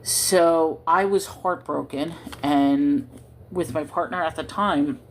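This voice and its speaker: A woman's voice: low voice, takes it slowly. Woman, casual livestream host, rambling chatty talk, phone mic at home, faint background hiss. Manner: rambling, chatty, talks to viewers and her cat. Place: her home.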